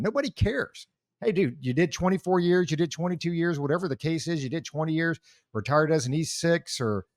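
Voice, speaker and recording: A man with a slightly high voice co-hosts a casual podcast chat in a dry, studio-quality recording. A veteran, he talks in heated, rambling bursts with many restarts.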